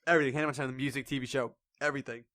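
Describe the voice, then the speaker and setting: A young man co-hosting a podcast in casual chat, animated and acting out quoted voices as he tells stories. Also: mid-range voice, rapid-fire. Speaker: podcast co-host.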